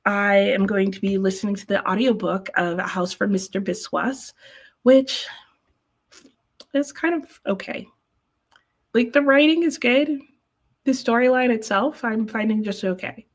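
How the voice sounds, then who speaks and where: A woman's voice: mid-range voice, measured pace, pauses often. A woman hosting a live reading stream, chatting casually and rambling to her viewers while sounding sleepy. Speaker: host of live reading sprints. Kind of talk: casual livestream chat.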